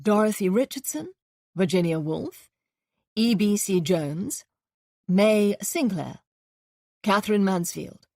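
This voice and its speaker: A woman reading an audiobook, voicing a chatty upper-class gentleman detective with playful drawling asides. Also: medium pitch, lively intonation, takes it slowly, pauses often, no room sound, clean studio sound. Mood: musing.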